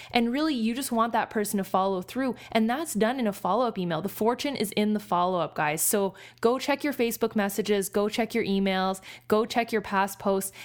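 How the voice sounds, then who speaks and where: A woman business coach giving a coaching talk, speaking fast and energetically in a chatty way. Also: on the high side.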